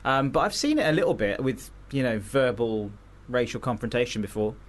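A man talking earnestly as a radio guest, halting and restarting on serious points. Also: medium pitch, lively intonation. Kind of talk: casual radio studio chat. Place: radio studio.

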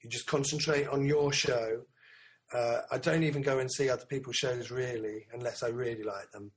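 A comedian chatting casually in a laid-back way, swearing freely. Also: male voice, mid-range voice, steady tone, normal speed. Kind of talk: casual chat.

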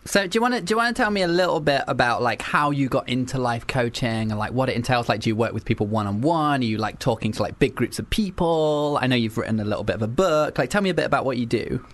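A man hosts a relaxed radio show, chatting loosely and rambling as he goes. His sentences restart often and fill up with likes and ums. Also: mid-range voice, fast, hardly any pauses. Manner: chatty, rambling, filler-heavy. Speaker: radio host. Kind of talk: casual radio chat.

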